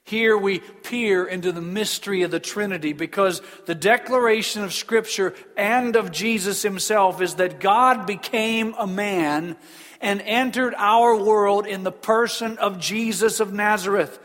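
A man preaching a sermon in an earnest, emphatic way, slowing down on key phrases. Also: high-pitched, a bit bright. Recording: long reverb of a large hall.

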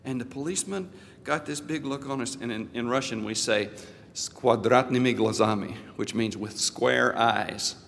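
A gravelly-voiced male pastor tells a folksy, anecdotal story in a sermon, restarting his sentences often. His voice carries a long hall echo over a faint low rumble. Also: moderate pace, a bit bright. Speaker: pastor and missionary.

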